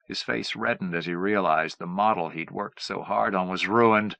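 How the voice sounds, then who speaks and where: Man reading an audiobook, dry and bright. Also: low voice, normal speed, vocal fry, no room sound. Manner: dramatic, varied reading. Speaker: audiobook narrator. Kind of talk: scripted narration.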